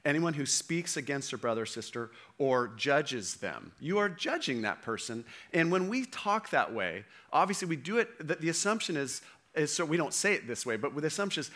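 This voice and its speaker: A man's voice: a little high, big pitch swings, brisk, sharp tone. A man preaching a sermon in a conversational way, often checking in with the audience. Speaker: pastor.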